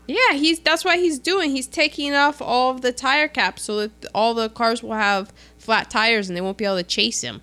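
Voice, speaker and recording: Chatty podcast co-host, woman with a bright voice, recaps films in an animated way. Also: moderate pace, few pauses. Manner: chatty, animated, quotes characters in a lowered voice. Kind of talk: casual chat recapping a film.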